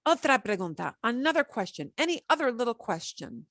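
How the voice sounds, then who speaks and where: A woman teaching a beginner Spanish class, chatty and encouraging, slowing down to drill words. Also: a little high, very animated, a bit bright, no echo, clean studio sound.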